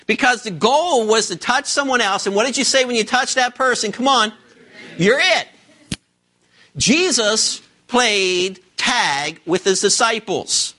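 A male pastor delivering a sermon in a church, his voice pitched high for a man and bright with a forceful edge. He preaches emphatically, pressing the congregation with rhetorical questions. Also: measured pace, hardly any pauses. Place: church service before a congregation.

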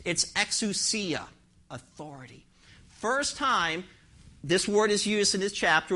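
A man's voice: high voice, bright, forceful tone. A man, a pastor, preaching an emphatic sermon in church and firing rhetorical questions at his congregation. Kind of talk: expository sermon.

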